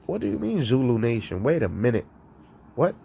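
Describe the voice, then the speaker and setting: A man talking casually on his live stream, rambling and profane, laughing between lines and swinging from loud outbursts to low mutters. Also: sing-song, a little fast, creaky, a little hiss or hum. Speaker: streamer and rapper.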